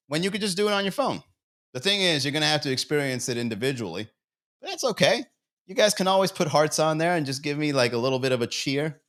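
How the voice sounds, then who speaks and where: A man's voice: on the high side, lively intonation, fast talker, a bit bright. A man hosting a comedy livestream, rambling and swearing in casual banter, chuckling at his own jokes while he talks straight to chat viewers.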